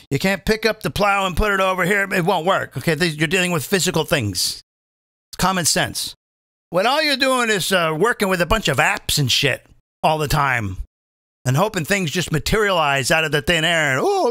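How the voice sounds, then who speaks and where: A man's voice: high-pitched, pushed and bright, no room sound, clean studio sound. A male comedian hosting, delivering a profane, combative political rant and often asking the audience to agree. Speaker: comedian host.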